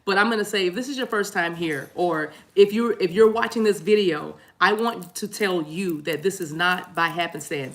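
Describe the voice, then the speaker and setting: A woman reading tarot cards for her viewers in a casual live-stream chat. She rambles, laughs a lot and keeps saying "y'all". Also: fairly low pitch. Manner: chatty, laughs often, warm "y'all" asides; rambling with restarts and apologies. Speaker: tarot reader.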